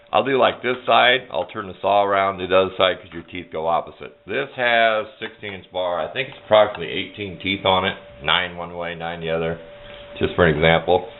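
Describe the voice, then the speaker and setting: A man casually demonstrating how he sharpens a chain by hand, talking in a folksy, plain-spoken, instructive way. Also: low voice. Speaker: DIY video maker. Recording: tinny lo-fi camera audio with faint noise.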